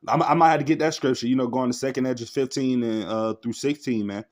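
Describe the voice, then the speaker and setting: A man's voice: medium pitch, steady tone, fast talker, darkish tone. A man in casual commentary reacting to a news clip, laughing often, speaking in loose slangy talk and reading scripture aloud. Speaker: religious online commentator.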